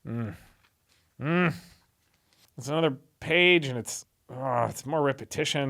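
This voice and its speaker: A man's voice: medium pitch, measured pace, long pauses. A man reading a chapter of the Bible aloud for a video and breaking off into sarcastic comments. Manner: sarcastic, animated asides between read passages.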